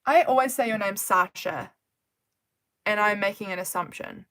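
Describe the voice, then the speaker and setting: A woman's voice: mid-range voice, moderate pace, a bit bright. A woman hosting a casual craft livestream from her desk at home, chatting in a rambling way and often laughing as she works. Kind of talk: casual live chat while crafting.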